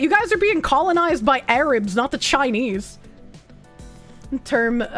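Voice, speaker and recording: High-voiced woman with a Boston accent. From United States. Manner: playful and profane, quick asides and laughs. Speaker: streamer. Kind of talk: casual chat reading viewer messages.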